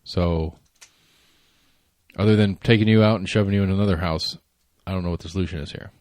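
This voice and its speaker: A man's voice: low-pitched, fairly even intonation, a little fast, a little mellow, dry recording. A man, co-hosting a casual podcast chat, rambling, repeating words and swearing offhand. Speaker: podcast co-host.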